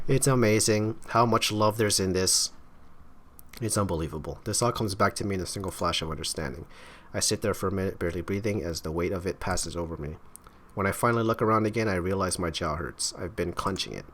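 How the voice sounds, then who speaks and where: A man's voice: sits low, brisk, a bit bright, slight background noise. A man hosting a game playthrough, reading the dialogue aloud dramatically and breaking off for wry comments. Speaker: let's play host.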